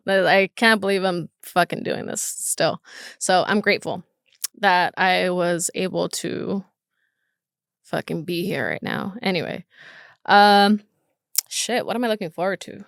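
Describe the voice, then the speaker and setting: This is a young woman hosting a casual solo podcast. She talks openly, nervous and emotional, and swears without thinking. Her voice is smooth and clear, recorded dry and close with no room sound. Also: mid-range voice, measured pace, pauses often, fairly bright tone, no room sound. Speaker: podcast host.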